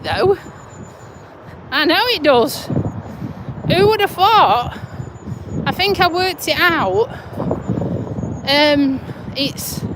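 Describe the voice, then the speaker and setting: A middle-aged woman chatting casually on a live stream while walking outdoors, self-mocking, swearing lightly and chuckling often, recorded on a phone. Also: sits high. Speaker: vlogger. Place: outdoors on a windy walk near roads. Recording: wind and traffic noise outdoors.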